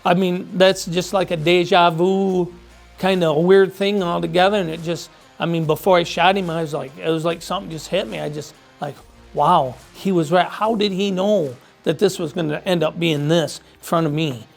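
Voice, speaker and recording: Man, gravelly voice, slightly high, casual folksy storytelling, faint music behind. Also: fairly even intonation, moderate pace. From Michigan. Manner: plainspoken, folksy, repeats himself. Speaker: hunter telling his story.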